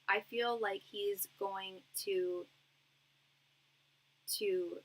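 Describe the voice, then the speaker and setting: A woman's voice: medium pitch, a bit bright, rough recording. A young woman doing a live-stream tarot reading. She talks in a chatty, reassuring way, with lots of fillers and restarts. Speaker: tarot reader.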